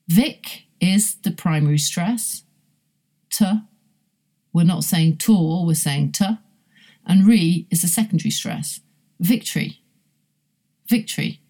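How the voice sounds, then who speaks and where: Slow, mellow-voiced woman teaching pronunciation. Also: on the low side. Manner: slow, careful explanations with spoken examples. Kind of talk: podcast lesson.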